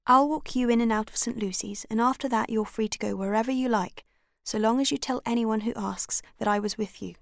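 A woman voicing a brisk, determined, tired young female student in a storybook reading. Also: a little high, vocal fry, no echo, studio quality. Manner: brisk, businesslike.

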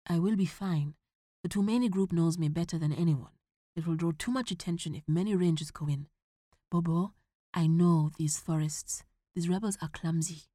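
Calm, reassuring father figure in a storybook, low and soft-spoken, read by a woman. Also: moderate pace, no echo, clean studio sound, close to an everyday voice. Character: calm, steady African ranger father.

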